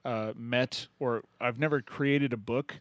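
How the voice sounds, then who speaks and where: A man's voice: mid-range voice, steady tone, a little slow, dry recording. A man hosting a call-in poetry show, chatting casually, joking and laughing often. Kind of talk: casual radio chat.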